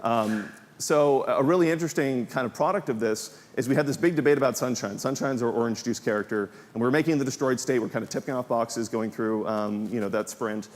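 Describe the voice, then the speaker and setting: Fast-talking man presenting at a conference. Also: medium pitch. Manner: fast, filler-heavy with frequent ums. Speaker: game developer giving a conference talk. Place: conference hall. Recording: hall reverb from a large room.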